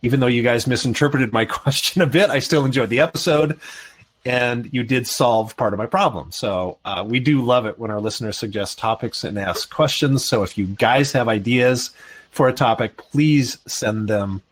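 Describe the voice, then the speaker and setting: A man's voice: medium pitch, normal speed. A man co-hosting a live podcast, talking enthusiastically and reading listener comments aloud. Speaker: podcast co-host. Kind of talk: casual live podcast chat.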